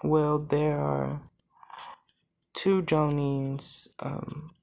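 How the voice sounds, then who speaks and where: A confident female warrior reports to a council in an assured, raised voice, as the narrator puts her on in a fan tale. The delivery stays slow. A faint hiss runs underneath. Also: medium pitch, flat delivery, gravelly, darkish tone.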